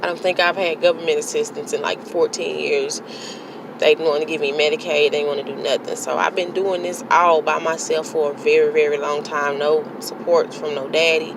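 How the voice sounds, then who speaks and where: A woman's voice: low voice, flat delivery, a little fast, background noise. A woman vlogging in a blunt, self-motivating way, talking herself up. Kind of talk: casual vlog monologue.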